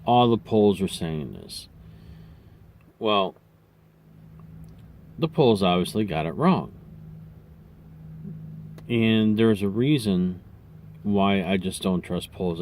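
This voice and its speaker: Brief: man with a lowish voice, relaxed rambling talk to camera, sharing his views. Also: a little hiss or hum. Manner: conversational, rambling with restarts and asides. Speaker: vlogger. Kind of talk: casual opinion monologue.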